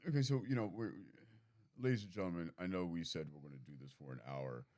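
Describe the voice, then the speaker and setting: A man's voice: deep voice, very animated, quick pace, a little mellow. A man co-hosting a comedy podcast in a studio, playful and rambling, often repeating words as he builds a bit. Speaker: podcast co-host. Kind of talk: casual comedic chat.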